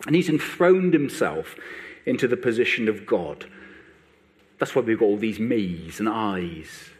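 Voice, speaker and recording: A man's voice: lowish voice, a little slow. A male preacher delivering a sermon, voicing biblical figures with rising intensity. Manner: animated, rising sharply when voicing biblical speakers.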